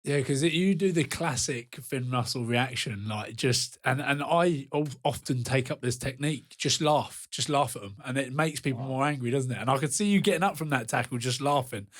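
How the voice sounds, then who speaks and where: A man's voice: medium pitch, moderate pace, few pauses. A man hosting a sports podcast, jokey and teasing with his guest. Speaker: podcast host. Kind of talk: casual interview chat.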